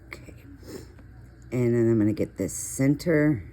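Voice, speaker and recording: Middle-aged woman, deep speaking voice, relaxed chatty host who drifts into long personal stories. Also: unhurried, a little hiss or hum. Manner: chatty, storytelling, rambling asides. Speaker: coloring video host. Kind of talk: casual coloring tutorial chat.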